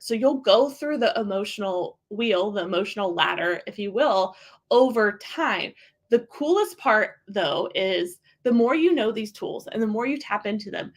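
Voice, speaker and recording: A woman's voice: mid-range voice, a bit bright. Chatty upbeat woman podcast host. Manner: chatty, upbeat, says "like" often. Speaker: podcast host and business coach. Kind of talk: casual motivational talk.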